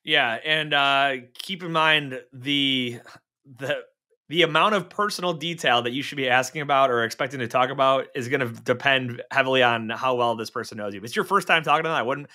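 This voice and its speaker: A man's voice: medium pitch, fairly quick, sharp tone. A man co-hosting a podcast in casual chat, chatty and full of joking asides. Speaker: podcast co-host.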